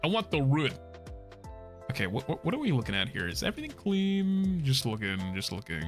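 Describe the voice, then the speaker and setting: A young man chatting casually while streaming a game, excitable and profane, laughing often and bursting into shouts. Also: medium pitch, brisk. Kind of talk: casual gameplay stream chat. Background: game music.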